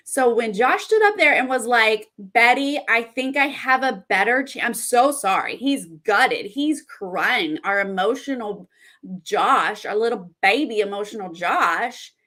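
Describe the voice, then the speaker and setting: Slow-talking woman recapping reality TV. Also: a little high. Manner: chatty, excitable, reads viewer comments aloud. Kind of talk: casual recap and live reaction.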